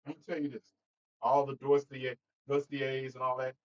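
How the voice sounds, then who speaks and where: A man hosting a casual political livestream, talking straight to his viewers in an animated way and laughing between points. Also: mid-range voice, moderate pace, highs cut off. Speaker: host.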